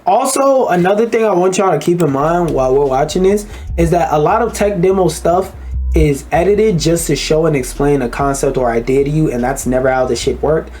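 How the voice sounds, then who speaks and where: A man's voice: on the high side, a little fast, darkish tone. Man, ranting reaction commentary, blunt, profane, faint music underneath.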